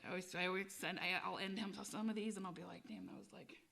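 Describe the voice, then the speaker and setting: A woman singer-songwriter telling a loose, profane road story between songs, with frequent laughs and quick asides. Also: medium pitch, steady tone, gravelly, bright, forceful tone.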